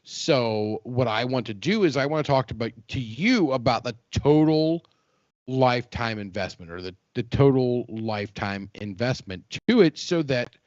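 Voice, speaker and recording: A man's voice: mid-range voice, animated, normal speed, a little mellow, dry recording, lo-fi sound. A man co-hosting a podcast in casual chat, rambling, joking and swearing freely. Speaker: podcast co-host.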